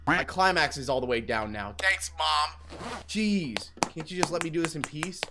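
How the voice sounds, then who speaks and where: A young man doing playful let's play commentary, joking loudly, dropping to whispers and jumping to yelps. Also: on the high side, normal speed. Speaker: gaming YouTuber. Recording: noisy background, mouse clicks.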